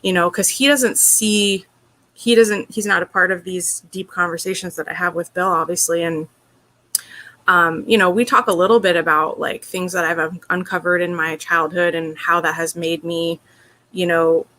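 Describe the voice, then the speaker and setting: A woman's voice: on the low side, steady tone, moderate pace, pushed and bright. A woman being interviewed, telling a personal story in an earnest, open way, with lots of "like" and "you know". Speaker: interview guest.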